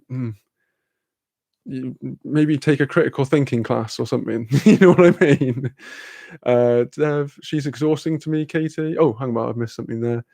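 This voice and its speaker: A man's voice: medium pitch, vocal fry, warm tone, dry recording. A man hosting a livestream, casually reading the chat aloud, laid-back, laughing often and swearing freely. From Wales. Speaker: livestream host.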